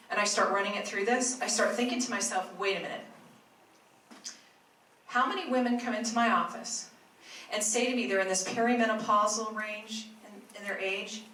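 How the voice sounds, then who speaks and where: A woman's voice: medium pitch, bright, forceful tone. A woman who works as a health practitioner, giving a talk to a live audience in a chatty storytelling way with asides to her listeners. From Arizona, US. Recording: echoey room, mic at a distance, faint noise.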